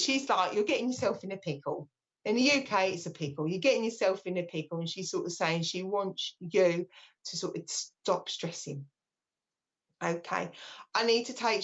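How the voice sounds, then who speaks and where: A British woman working as a medium, giving a live reading in a gentle, reassuring way that often restarts mid-sentence. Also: fairly low pitch. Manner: gentle and reassuring, relays messages with frequent restarts. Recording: slightly dull lo-fi sound.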